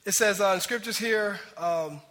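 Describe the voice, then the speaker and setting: High bright-voiced preacher man. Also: moderate pace, in a large hall. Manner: animated, acts out voices. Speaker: pastor. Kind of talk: sermon.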